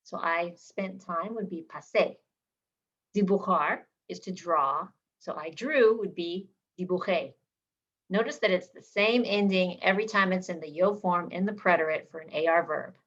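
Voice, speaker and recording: A woman teaching a Spanish lesson, drilling verb endings slowly and clearly for learners to repeat. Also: on the low side, fairly bright tone. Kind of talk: language lesson. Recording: slightly dull lo-fi sound.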